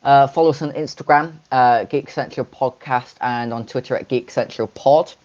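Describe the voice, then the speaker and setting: A man co-hosts a casual chat podcast, his delivery halting and full of pauses and restarts. The audio sounds dull and lo-fi. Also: mid-range voice, darkish tone. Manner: halting, many fillers and restarts. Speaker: podcast co-host.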